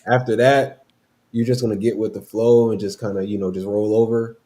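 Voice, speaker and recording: A man's voice: on the low side, level tone, brisk, mellow. A man co-hosting a sports podcast, teasing and talking playful smack about a rivalry. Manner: playful trash talk. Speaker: podcast co-host. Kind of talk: casual sports chat.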